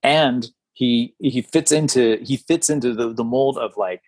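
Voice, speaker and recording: A man's voice: mid-range voice, unhurried, a little mellow, breathy edge, no echo. A man co-hosting a podcast, chatting casually about films and often restarting his sentences. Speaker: podcast co-host. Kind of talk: casual film discussion.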